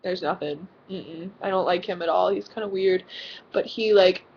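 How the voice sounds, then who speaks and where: A woman's voice: fairly low pitch, normal speed, highs cut off, a little hiss or hum. A teenage girl vlogging casually from her bedroom, rambling with lots of fillers and giggles. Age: teens. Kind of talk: casual vlog chat. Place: own bedroom.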